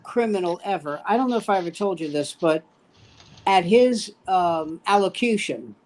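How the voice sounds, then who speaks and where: A man's voice: high voice, lively intonation, normal speed, darkish tone. A man in a casual comedians' chat, telling anecdotes in a dry manner with quoted punchlines. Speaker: comedian panelist.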